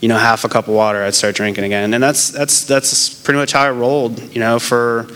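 A young man, casual and candid, telling his own story in a halting, rambling way with many fillers and restarts, and making fun of himself. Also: medium pitch, little pitch movement, a bit bright. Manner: candid and self-deprecating. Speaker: person in recovery sharing his story. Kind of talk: casual personal testimony.

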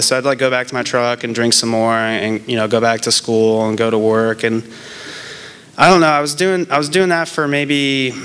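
A man, likely in his twenties and in recovery, gives a casual personal testimony about his past, rambling and halting with many fillers, restarts, and trailing off. His smooth, clean voice is of ordinary pitch and a bit bright, his tone candid and self-deprecating.

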